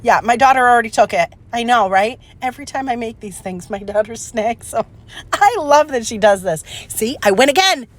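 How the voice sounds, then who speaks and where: A woman hosting a casual craft demonstration, chatty and excitable, laughing at her own mistakes and filling pauses with "um". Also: on the high side. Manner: chatty, excitable, self-deprecating, lots of "um". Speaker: craft channel host.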